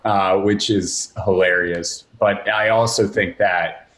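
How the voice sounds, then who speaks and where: A man's voice: on the low side, steady tone, slow pace, fairly bright tone. A man with an Upper Midwest accent hosting a podcast, rambling and joking in casual chat. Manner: rambling and jokey. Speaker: podcast host.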